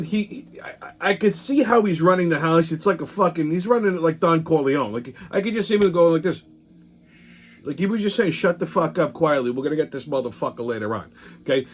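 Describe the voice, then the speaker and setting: A man hosting a weekly political commentary show, ranting in a profane, heated, sarcastic way, rambling and restarting his sentences. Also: high-pitched.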